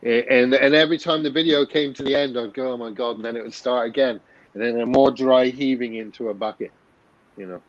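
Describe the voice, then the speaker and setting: A man's voice: mid-range voice, fairly even intonation, a little fast, dry recording, lo-fi sound. A man in his fifties, a guest telling a personal story in a blunt, candid way, swearing freely and often restarting his sentences. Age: 50s.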